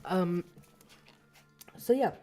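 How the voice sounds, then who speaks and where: A woman with a low voice talks through a book on her livestream in a casual, reflective way. She pauses on fillers and corrects herself as she goes, and her throat sounds a little scratchy. Soft music plays faintly underneath. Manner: thoughtful, with fillers and self-corrections. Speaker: livestream host reading a book aloud.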